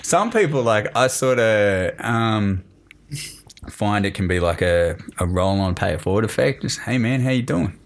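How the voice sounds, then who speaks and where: Laid-back low-voiced man chatting. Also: lively intonation, measured pace. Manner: laid-back, upbeat, slangy. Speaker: guest, personal trainer. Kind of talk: casual podcast chat.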